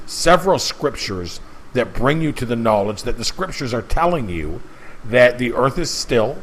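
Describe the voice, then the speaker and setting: A man's voice: mid-range voice, sing-song, moderate pace, a bit bright, a little hiss or hum, rough recording. A man preaching emphatically in a casual monologue, often stumbling and repeating words as he presses his point. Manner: emphatic, repetitive, stumbles and restarts. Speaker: channel host.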